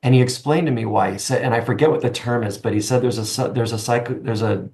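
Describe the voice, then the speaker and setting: Middle-aged male guest, mid-pitched voice, earnest and halting. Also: a little mellow. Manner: earnest, halting, frequent restarts. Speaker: interview guest. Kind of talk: conversational interview.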